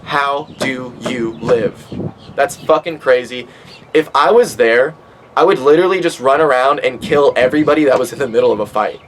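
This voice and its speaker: A man's voice: medium pitch, moderate pace, slight background noise, rough recording. Rambling, swearing young man. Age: 20s. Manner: profane, rambling, with many fillers. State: stoned. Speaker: podcast host. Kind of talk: casual rambling monologue.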